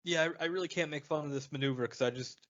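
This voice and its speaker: A man's voice: a little high, rapid-fire, a bit bright. A man co-hosting a comedy podcast, riffing on the movie with wry, profane jokes. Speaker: podcast co-host. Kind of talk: casual comedic podcast chat. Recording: dull lo-fi podcast audio.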